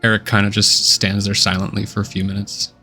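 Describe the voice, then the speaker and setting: Male game master, low gravelly voice, easygoing scene-setter for a tabletop session. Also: a little fast, faint music behind. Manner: relaxed, descriptive, many uh and kinda fillers.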